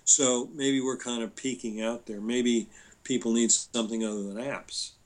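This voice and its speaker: An older man chats as a guest on a podcast, spinning business anecdotes. He quotes other people and chuckles as he goes. His voice sits at an ordinary middle pitch. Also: steady tone, normal speed. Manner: storytelling, quoting others, chuckling. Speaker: guest entrepreneur. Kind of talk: conversational podcast interview.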